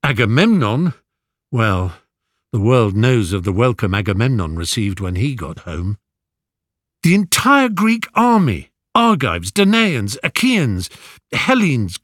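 A man's voice: medium pitch, huge pitch swings, slow, fairly bright tone, no echo, studio quality, full character voice. A man reading aloud, voicing an eager, gloomy young prince in an urgent, raised voice. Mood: earnest.

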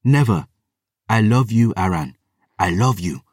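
A man voicing a big, gentle male warrior in an audiobook, speaking softly and pleadingly. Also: on the low side, lively intonation, measured pace, husky, no echo, studio quality, distant mic. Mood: tender.

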